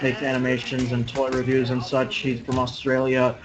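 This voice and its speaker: A man chatting casually on a group call from outdoors on a porch, halting with many restarts. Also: medium pitch, completely flat delivery, lo-fi sound. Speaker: podcast panelist.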